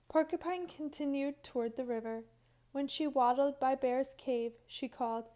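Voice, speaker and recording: A woman reading a children's picture book aloud, clear and expressive. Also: sits high, normal speed. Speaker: storybook reader. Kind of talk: children's story read-aloud.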